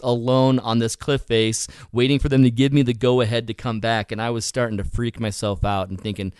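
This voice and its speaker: Workshop leader, man, smooth resonant voice, lively storyteller, dry close sound. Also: mid-range voice, no echo. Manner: vivid storyteller, acts out his own thoughts. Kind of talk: casual podcast chat.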